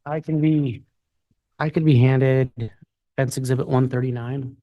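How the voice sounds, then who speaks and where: A man's voice: medium pitch, fairly even intonation, measured pace, no room sound, lo-fi sound. A man working as a prosecutor, making formal, polite requests and objections in a courtroom. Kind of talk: courtroom proceedings.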